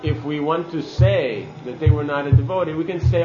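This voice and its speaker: A man's voice: on the high side, fairly quick, roomy sound, lo-fi sound, music in the background. A man giving a sermon-style scripture class, earnest and emphatic, using Sanskrit terms.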